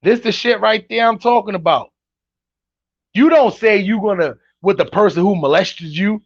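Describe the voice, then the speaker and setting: A man hosting casual reaction commentary, animated and incredulous, talking straight to his chat. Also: sits high, normal speed, no echo, dull audio. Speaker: commentary host reacting to clips.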